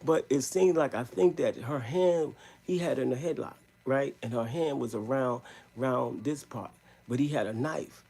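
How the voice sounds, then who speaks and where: A man telling a rambling story in a live stream, in emphatic street slang, with a gravelly, husky voice. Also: medium pitch, moderate pace, dark tone.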